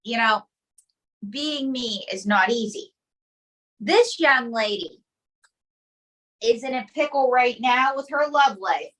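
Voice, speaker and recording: Woman ventriloquist, showy emcee patter, high voice, a bit off-mic. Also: expressive, slow pace, long pauses, fairly bright tone, recorded from a distance, low-quality recording. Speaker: ventriloquist comedian. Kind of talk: comedy stage patter.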